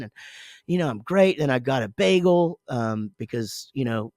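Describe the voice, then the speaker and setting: A man in his forties tells a long story on his podcast, swearing casually and doubling back on himself. His pitch sits in the middle for a man. The recording is close and dry, with no room sound. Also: moderate pace, gravelly, no room sound. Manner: rambling, profane, animated storytelling with self-interruptions. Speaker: podcast co-host, father.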